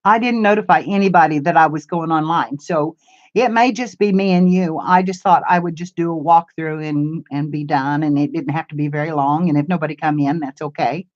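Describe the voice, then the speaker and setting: With a deep voice and a steady tone, this older woman talks fairly quickly while hosting a casual live stream on her crafts channel. She rambles warmly and addresses comments from her viewers. It's captured on a camera mic, and the highs are cut off.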